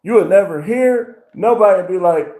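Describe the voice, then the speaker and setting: A man hosting a livestream, telling stories in a profane, animated rant with voiced impressions. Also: high voice, moderate pace. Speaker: livestream host. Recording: roomy echo.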